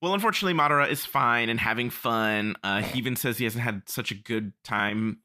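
Bright-voiced animated male podcast host. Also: mid-range voice, fairly quick. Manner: animated, swearing, laughing, acting out characters. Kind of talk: casual chat recapping anime episodes.

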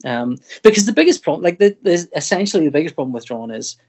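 A man's voice: a little high, very animated, fast talker, darkish tone, breathy edge. A middle-aged man from Northern Ireland, a comic artist guest in a casual podcast chat, who rambles, breaks off mid-sentence and acts out his own thoughts.

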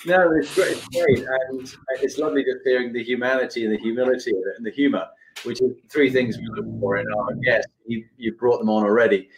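Chatty male host sharing anecdotes, mid-pitched voice. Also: a little fast, slight background noise, low-quality recording. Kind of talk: casual podcast interview.

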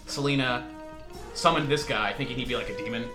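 Fast-talking man running a tabletop game. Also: mid-range voice, echoey room, over music. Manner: quick, laughing, animated narration. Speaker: game master.

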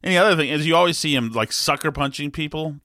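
In a clean studio recording with no echo, a man with a bright, forceful, higher-pitched voice chats alone and reads comments out loud. He stumbles and restarts often, laughing while he reads.

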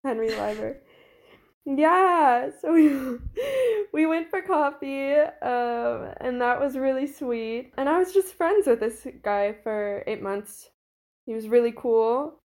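Young woman, casual chat, giggly, rambling, slightly high pitch. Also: lively intonation, takes it slowly, darkish tone. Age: young adult. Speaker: college student telling a story.

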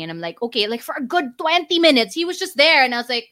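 A woman hosts a relaxed conversation, her voice high and bright. She tells stories in a chatty, giggly way. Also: quick pace, few pauses. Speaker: podcast host. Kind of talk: casual chat.

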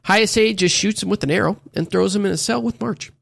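A man's voice: high-pitched, fairly quick, vocal fry, a bit bright, dry recording. A man casually recapping a show to friends, crude and laid-back, often mimicking lines from it. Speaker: podcast co-host recapping an anime.

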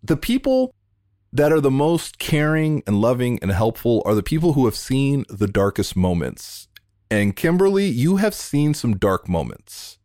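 A man hosting a podcast interview over a remote call, talking in an earnest, heartfelt way and in quick bursts. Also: mid-range voice, very animated, a little mellow, no room sound, studio quality. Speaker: podcast host. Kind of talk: emotional interview conversation.

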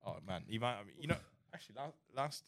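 A man's voice: mid-range voice, expressive, fast talker, noisy background. A man co-hosting a casual podcast, teasing his co-host with joking banter.

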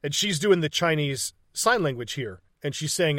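A man with a fairly high voice recaps a movie in loose, casual chat. He swears freely, laughs through his sentences and slips into the characters' lines. The sound is close and dry. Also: animated, moderate pace, fairly bright tone, dry recording. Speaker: podcast co-host.

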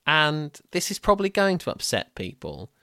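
A man's voice: a little high, huge pitch swings, moderate pace, creaky, sharp tone, no echo, clean studio sound. A man co-hosting a casual film review podcast, rambling and laughing as he recaps scenes. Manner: laughing, rambling, self-correcting. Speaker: podcast co-host.

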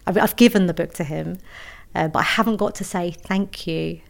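Chatty woman with a low voice. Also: normal speed, creaky. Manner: chatty, self-deprecating, many restarts and fillers. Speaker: author guest. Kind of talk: casual storytelling interview.

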